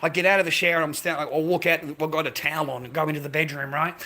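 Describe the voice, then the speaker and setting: A man's voice: on the high side, fairly even intonation, fast, pushed and bright. An Australian man ranting crudely to his livestream chat, peppering his talk with mate and swearing.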